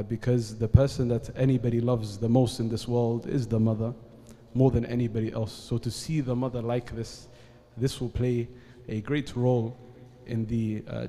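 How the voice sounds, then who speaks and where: A man speaking earnestly as a panel guest, measured, with frequent pauses and formal Arabic phrases. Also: mid-range voice, mellow, a little hiss or hum. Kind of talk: formal talk at a live event. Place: event hall at an Islamic centre. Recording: long hall reverb.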